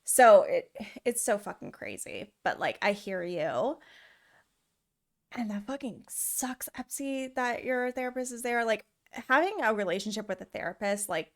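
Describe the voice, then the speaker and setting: A young woman streamer chatting casually over gameplay, with a high, girly, valley-girl way of talking and a lot of giggling. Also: animated, moderate pace.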